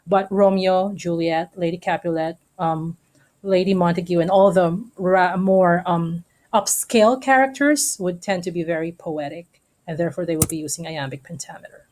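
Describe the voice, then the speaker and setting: A woman teacher giving a recorded online lesson to students, explaining step by step and checking in often with a quick "okay?". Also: fairly low pitch, darkish tone.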